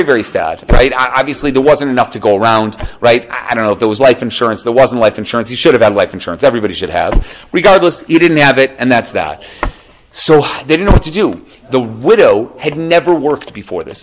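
A man giving a casual Torah class, animated and conversational, often checking in with the listener. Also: medium pitch, a little hiss or hum, low-quality recording. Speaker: Torah teacher.

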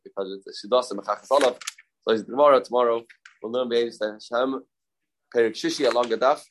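A man teaching a daily Talmud page, repeating phrases and mixing English with Hebrew and Aramaic terms. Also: medium pitch. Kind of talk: explaining a Talmud page aloud.

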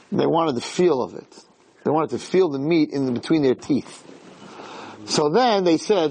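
A man's voice: a little high, big pitch swings, moderate pace, pauses often, a little mellow, breathy edge, rough recording. A man giving a Torah lecture, emphatic and full of rhetorical questions.

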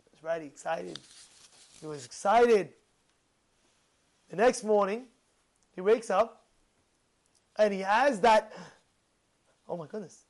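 A man whose voice sits high speaks slowly and pauses often during an informal religious talk. Still animated, he poses many rhetorical questions and often repeats and restarts his words.

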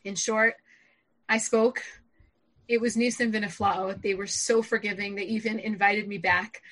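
A woman in her thirties, a public speaker, telling a personal story in an animated way and jumping up in pitch when she quotes herself. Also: normal speed, poor audio. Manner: animated, jumps high when quoting herself.

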